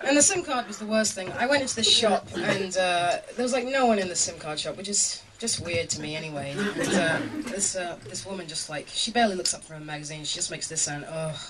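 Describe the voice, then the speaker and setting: A woman's voice: on the low side, a little fast, few pauses. A woman in her thirties performing stand-up comedy on a small club stage, chatty and self-mocking, with lots of ums. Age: 30s. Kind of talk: live stand-up comedy set. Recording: noisy live club with loud crowd.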